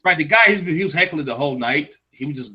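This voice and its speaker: A man from Africa co-hosting a casual chat, telling stories in an animated, slangy way. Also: a little high, fast, breathy edge, dull audio. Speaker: co-host. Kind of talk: casual live-show chat.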